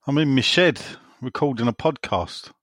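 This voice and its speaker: A man's voice: mid-range voice, lively intonation, moderate pace, fairly bright tone, dry recording. A man chiming in on a podcast from his shed with dry, sarcastic quips. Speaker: podcast co-host. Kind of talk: casual chat. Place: home shed.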